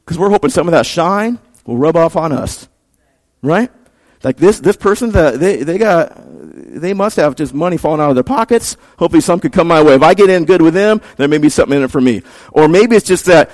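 A male pastor delivering a sermon in a relaxed, conversational tone, his fairly high voice climbing into emphatic peaks when he drives a point home. He talks to the congregation like he's chatting with them, then presses hard on the key lines. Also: a little fast.

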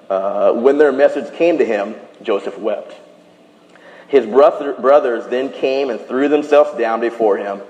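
A man preaching a sermon, retelling a scripture story in animated style and dropping to a hushed voice for quoted lines. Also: lowish voice, a little slow, highs cut off. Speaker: pastor. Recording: echoey hall.

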